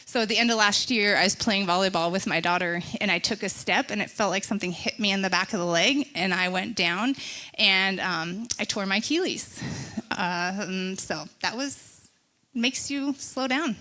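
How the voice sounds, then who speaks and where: A woman giving a sermon in a chatty, animated way, telling personal stories and laughing often. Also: medium pitch, normal speed. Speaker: church speaker. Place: church stage.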